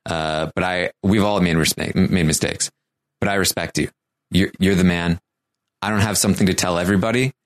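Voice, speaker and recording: A man voicing a reserved, serious man who speaks in a measured, sincere way. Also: low-pitched, close to an everyday voice. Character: reserved, serious grown man giving respect.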